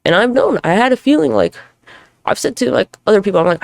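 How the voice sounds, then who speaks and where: A woman's voice: mid-range voice, very animated, quick pace, creaky, no room sound, clean studio sound. A woman hosting a solo podcast monologue, talking in a candid, rambling, profane way with self-deprecating humor. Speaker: podcast host.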